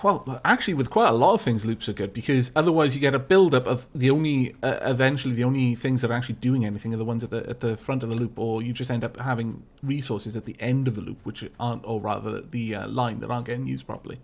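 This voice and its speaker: Animated laughing gaming host, man. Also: medium pitch, fast talker, gravelly, hardly any pauses. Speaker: host and co-player. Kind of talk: casual gaming chat.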